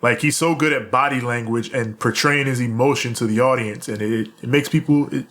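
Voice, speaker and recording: A man's voice: medium pitch, steady tone, a little fast, fairly bright tone. A man co-hosting a casual wrestling podcast, laughing often and retelling scenes with quoted lines. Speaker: co-host recapping wrestling.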